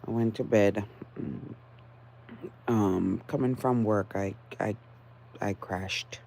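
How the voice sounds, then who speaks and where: Low, slow woman with a groggy morning voice. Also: creaky, warm tone, a little hiss or hum. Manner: halting, with many fillers and restarts, then firm and insistent. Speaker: vlogger. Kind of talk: casual solo vlog talk.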